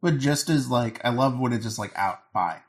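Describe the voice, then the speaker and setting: A woman's voice: very deep voice, animated, normal speed. A woman co-hosting a podcast in casual chat, dropping dry quips.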